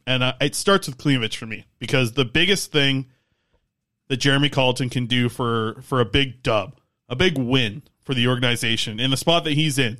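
A tired man co-hosting a casual sports podcast, rambling in animated hockey talk. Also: medium pitch. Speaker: podcast co-host.

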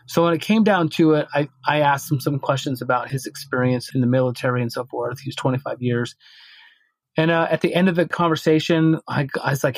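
A man with a middle-pitched voice tells a story on a podcast, rambling and animated and tripping over his own restarts. The sound is dry and close, with no room around it. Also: a little fast, no room sound. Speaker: podcast co-host.

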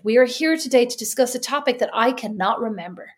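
An Irish woman co-hosting a chatty podcast with a slightly raised pitch. She teases and jokes, breaking into laughter as she tells family stories. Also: fast, hardly any pauses. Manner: teasing, laughs often, tells anecdotes. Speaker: podcast co-host. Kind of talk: casual chat.

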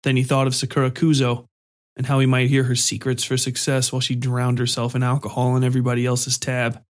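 Male narrator, steady even storybook read. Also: medium pitch, fairly quick.

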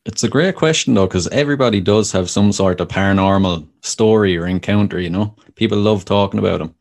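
A man with a very deep voice hosts a relaxed podcast interview over a video call. He asks open questions and answers with short, encouraging remarks. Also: fairly quick, creaky. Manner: brief encouraging replies and questions. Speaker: podcast host. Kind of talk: casual interview.

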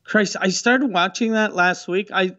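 A man's voice: high voice, unhurried, bright, forceful tone. Profane storytelling man, lo-fi sound. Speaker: podcast co-host. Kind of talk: casual podcast chat. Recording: muffled lo-fi audio.

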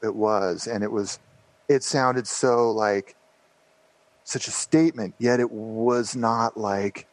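A man's voice: lowish voice, steady tone, slow, no room sound, rough recording. A man in his fifties, a podcast guest, telling a rambling story with lots of fillers and restarts. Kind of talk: casual storytelling interview.

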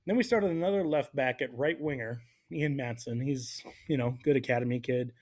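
A man's voice: medium pitch, fairly quick. A young man co-hosting a sports podcast, chatting casually and joking animatedly. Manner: animated, joking, jumps between voices for bits. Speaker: podcast co-host.

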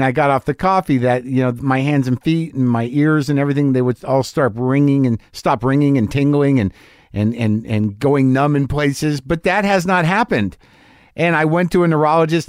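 A podcast host delivers a rambling, confessional, self-deprecating monologue, stammering and restarting whenever he gets worked up. His voice is a little high, captured in clean studio sound with no echo.

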